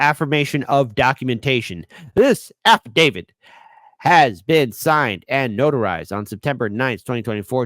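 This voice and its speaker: A man hosts a political commentary show, reading documents aloud in a halting, stuttering way. His voice sits in the middle range for a man. It is recorded close and dry, with no room echo. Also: medium pitch, a bit bright. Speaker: host.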